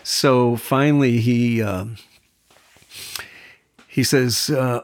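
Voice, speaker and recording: A man teaching scripture in an unhurried, conversational way, a pastor talking rather than preaching. He retells stories with lively quoted lines, restarting phrases as he goes. His voice sits in an ordinary middle pitch. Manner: animated storytelling with quoted voices, frequent restarts.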